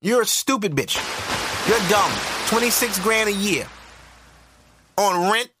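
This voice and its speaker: A man hosting a podcast alone, ranting loudly and profanely in disbelief. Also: high-pitched, expressive, measured pace, background noise. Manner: loud, profane, incredulous ranting. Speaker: podcast host. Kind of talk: ranting solo podcast commentary.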